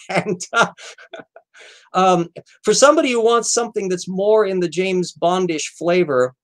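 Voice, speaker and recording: A man's voice: sits high, unhurried, a bit bright, rough recording. A man hosting an aftershow, chatting casually and rambling about old films with many fillers and restarts. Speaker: host.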